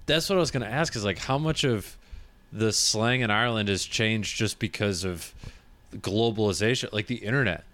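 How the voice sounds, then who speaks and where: A man's voice: lowish voice, a bit bright. A man hosting a podcast, easygoing and joking in casual chat. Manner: easygoing, joking, quick to laugh. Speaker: podcast host.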